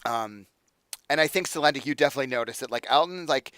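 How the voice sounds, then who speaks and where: A young man runs a tabletop game in a relaxed, halting way with plenty of fillers. His voice sits mid-range and sounds dry and close. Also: mid-range voice, clean tone, dry recording. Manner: casual, halting, many fillers. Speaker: game master.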